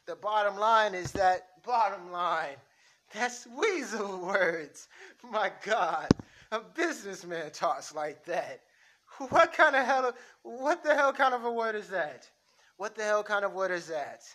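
A man reading as a loud, furious mob captain. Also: high voice, animated, takes it slowly, a little hiss or hum, pitched above the performer's own voice, heavily acted. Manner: loud, shouting, profane. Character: hot-tempered street-tough male mob captain. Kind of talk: amateur script reading.

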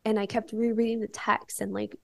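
A woman's voice: on the high side, little pitch movement, brisk, vocal fry, a little mellow. A young woman, a podcast guest, telling a candid personal story in casual chat, filling her talk with "like". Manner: candid storytelling, many filler "like"s.

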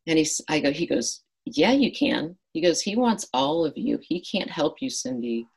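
A middle-aged woman speaks with a deep, breathy-edged voice. She tells a personal story as an interview guest, earnestly reenacting her own past conversations. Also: very animated, normal speed, darkish tone, poor audio. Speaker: guest author.

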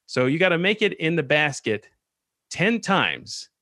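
A man's voice: on the high side, sing-song, measured pace, pushed and bright, no room sound, studio quality, voice pushed up, heavily acted. A man doing a pushy carnival game barker. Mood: coaxing. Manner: coaxing, persuasive patter.

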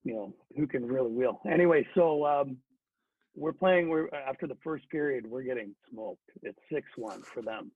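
The recording is dry and phone-like, without echo, as a middle-aged ex-hockey player tells a story. His medium-pitched voice is slightly rough and moderately paced, and he chats casually, filling gaps and restarting often.

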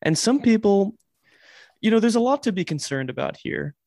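A young man cohosts a casual podcast, giving dating advice like official rules in a wry, joking way. His voice sits a little high for a man. The sound is close and dry. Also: sing-song, normal speed, darkish tone, no room sound. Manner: wry, mock-authoritative tips.

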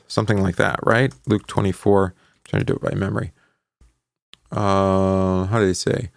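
Gravelly low-voiced man teaching Bible class. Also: flat delivery, no room sound, studio quality. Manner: conversational, asks questions and adds "right?"; halting, with many fillers while recalling verses. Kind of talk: Bible study lesson.

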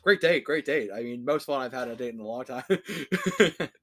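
A man's voice: medium pitch, expressive, normal speed, a bit bright. A man hosting a podcast, ranting casually with constant swearing and acting out the voices of the people he quotes. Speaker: podcast host. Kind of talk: casual profane rant.

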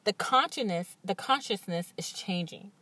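A woman hosting a podcast, telling stories in an animated, candid way and acting out what others said. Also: mid-range voice, normal speed, no echo. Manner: animated storytelling with acted-out quotes and frequent laughs; emphatic and candid. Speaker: podcast host. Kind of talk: casual monologue.

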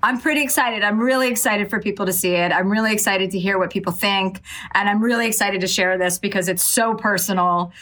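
A woman's voice: medium pitch, fairly even intonation, fairly quick, fairly bright tone. A woman in her forties, a comedian who is a podcast guest, talking candidly in a rambling, loose way full of fillers. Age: 40s. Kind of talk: casual podcast chat.

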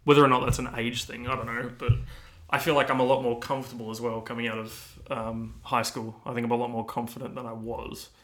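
A man's voice: mid-range voice, flat delivery, fast, a bit bright. A young man co-hosting a podcast, chatting casually with lots of fillers and restarts. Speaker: podcast co-host. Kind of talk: casual chat.

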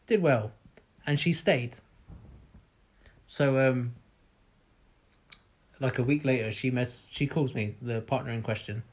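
A man's voice: mid-range voice, slow, pauses often, breathy edge. Man telling a rambling story. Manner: candid, rambling, frequent ums and uhs, swears. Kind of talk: casual personal storytelling.

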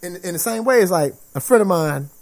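This man speaks with a fairly high voice that swings up and down. He talks in a relaxed, slangy way but hits his points hard and often acts out the voices of people he quotes. The pitch jumps are wide and lively. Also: fairly quick. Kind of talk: casual chat.

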